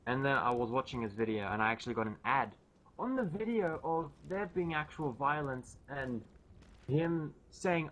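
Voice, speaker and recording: A man's voice: medium pitch, expressive, moderate pace, fairly bright tone, low-quality recording. A man on a group voice chat in a casual, rambling rant, annoyed, swearing and full of fillers. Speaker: gamer ranting on a group voice chat.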